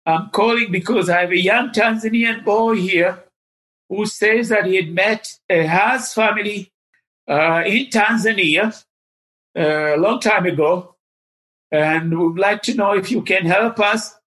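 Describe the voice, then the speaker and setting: A man's voice: high-pitched, measured pace, fairly bright tone, pitched above the performer's own voice. A man voicing a confident, charming woman making a polite phone call. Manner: polite, formal phone manner.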